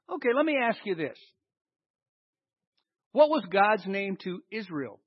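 A man with a high-sitting, slightly breathy voice preaches a sermon at a moderate pace, animatedly quizzing the congregation and answering his own questions. The lo-fi recording sounds dull, with no room sound.

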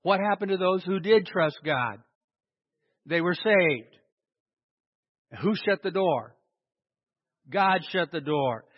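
Taking it slowly and pausing often, a man with a high voice and lively intonation preaches a sermon. He emphasizes single words and asks rhetorical questions only to answer them himself. The recording echoes in a hall and sounds dull and lo-fi.

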